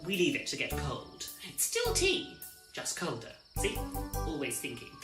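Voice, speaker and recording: A woman's voice: deep voice, wildly swooping pitch, a little slow. A woman telling an interactive children's story in a playful, theatrical way, often addressing the listener directly. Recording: roomy echo with music behind.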